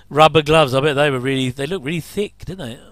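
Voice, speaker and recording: A man's voice: fairly high pitch, a bit bright, no echo. A man giving a casual, rambling commentary over an old TV episode, with frequent chuckling asides.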